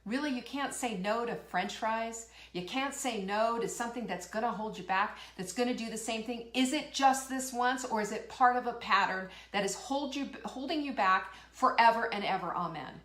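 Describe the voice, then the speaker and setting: A woman's voice: a little high, normal speed, hardly any pauses, a bit bright, reverberant. A woman hosting a live motivational talk show, fired up and emphatic, firing rhetorical questions and reading out viewer comments. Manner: reads out viewer comments and laughs. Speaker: host.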